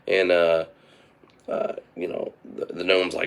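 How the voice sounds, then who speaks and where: A gravelly, rambling male storyteller. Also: sits low, little pitch movement, slow pace. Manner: meandering, full of fillers and restarts. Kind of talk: rambling improvised comic storytelling.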